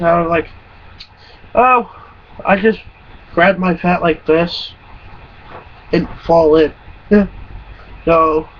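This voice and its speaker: A man around twenty telling stories in a casual, rambling and profane way, often laughing. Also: fairly high pitch. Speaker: vlogger. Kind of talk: casual storytelling. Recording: muffled lo-fi recording with faint hum.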